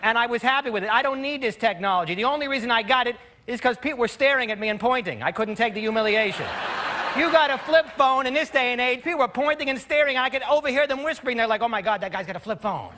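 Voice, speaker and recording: High-voiced man doing stand-up. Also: quick pace, noisy background. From United States. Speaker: stand-up comedian. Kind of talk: stand-up routine. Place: television studio stage before a live audience. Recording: broadcast stage mic with audience laughter.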